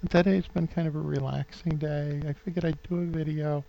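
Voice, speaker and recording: Sentimental and openly emotional, this New England man in his fifties meanders through his home vlog with many fillers and false starts. His voice is creaky, fairly high and fairly even in intonation, and he speaks fairly quickly. The audio is muffled.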